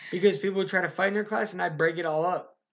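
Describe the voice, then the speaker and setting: Young male podcast co-host, casual and animated, swears freely, acts out quotes; slightly raised pitch, muffled recording. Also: quick pace, creaky. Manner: profane, animated storytelling with acted-out quotes. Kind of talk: casual storytelling chat.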